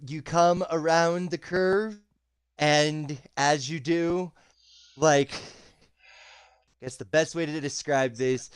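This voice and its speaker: A man's voice: a little high, clean tone, no room sound. A man narrating a tabletop game as game master over a voice chat, hesitant with many ums. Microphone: voice chat call.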